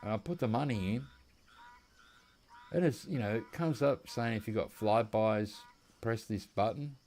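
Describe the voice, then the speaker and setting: A faint hiss or hum sits under a low-leaning, slightly mellow male voice at a measured pace. He's an Australian commentator casually chatting and telling meandering stories during a hunting game.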